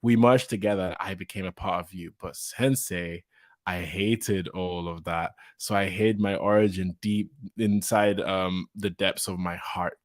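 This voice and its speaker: A man reading a defiant young male villain's lines aloud, dropping into a slow, low voice. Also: fairly even intonation, no room sound, studio quality. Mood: cold defiance. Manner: reads slowly in a low drawn-out voice. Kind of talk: reading manga dialogue aloud.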